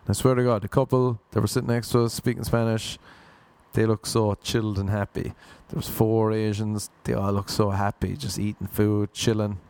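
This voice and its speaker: A man's voice: fairly low pitch, clear, resonant tone, no echo. Exasperated young man telling a comic story. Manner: exasperated, animated retelling. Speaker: comedian.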